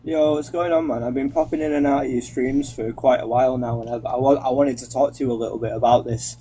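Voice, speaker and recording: A man's voice: mid-range voice, steady tone, fast talker, mellow. A man from England with a Yorkshire accent, calling into a live stream and telling his story in an easygoing way. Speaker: caller. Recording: faint background noise.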